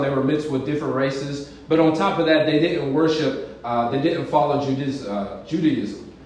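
A man's voice: medium pitch, echoey room, rough recording. A man preaching a sermon, telling stories with humor and acting out quoted lines. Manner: animated storytelling with jokes and acted-out quotes. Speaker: pastor.

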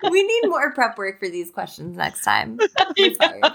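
A woman's voice: medium pitch, creaky. A woman in her thirties, a podcast co-host, chatting casually and candidly, swearing freely and laughing often. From upstate New York. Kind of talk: casual chat.

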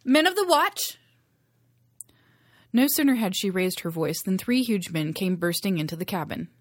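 Woman reading an adventure book aloud, lowish voice, dry close sound. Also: lively intonation, fairly quick, darkish tone, no room sound. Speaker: narrator. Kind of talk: audiobook reading.

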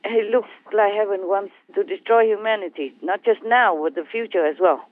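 A woman speaking as a spiritual teacher, talking gently and in a rambling way with hesitations. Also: medium pitch, moderate pace, no echo. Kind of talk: casual talk over a phone line. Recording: tinny phone line, dry.

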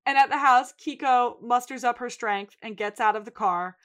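A woman co-hosts a podcast and walks through a TV episode in casual, animated chat, with a few swear words along the way. Her voice sits a little on the high side. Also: normal speed. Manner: animated, chatty, swears freely. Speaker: podcast co-host.

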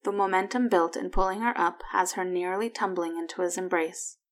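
Soft-spoken woman reading a story. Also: lowish voice, fairly even intonation, brisk. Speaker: narrator. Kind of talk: fan fiction reading.

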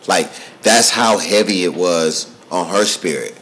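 A man's voice: sits low, a little slow, a bit bright, slight background noise, poor audio. A man in his thirties hosting a podcast, telling a story in a casual, slangy way and repeating himself for emphasis. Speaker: podcast host. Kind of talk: casual chat.

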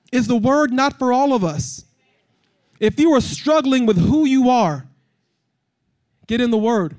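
A man giving a sermon as a guest speaker in a church service. He talks straight to the congregation, leads them in call-and-response, and builds to impassioned shouted exhortation. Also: very high voice, animated, measured pace, long pauses.

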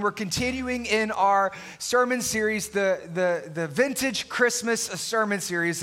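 Upbeat male pastor, higher register, bright and engaging, jokes with the congregation. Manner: lively, animated, playful asides to the congregation. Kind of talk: sermon. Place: church sanctuary with congregation. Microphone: wireless body mic.

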